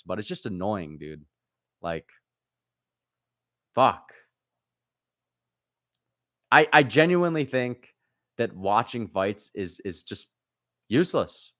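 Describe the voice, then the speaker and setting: A man hosting a livestream, reading viewer comments aloud and answering them in a casual chat. He is frustrated and swears often, jumping between loud outbursts and low muttering. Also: dry recording, clean studio sound. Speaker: livestream host reacting to fights.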